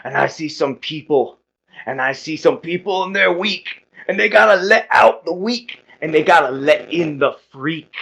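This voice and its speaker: A man voicing a big showman who pitches a workout program, shouting rhymes high above his own voice. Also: vocal fry, slightly rough, heavily acted. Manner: booming rhyming workout pitch. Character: hulking male exercise-hype showman. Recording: muffled lo-fi audio.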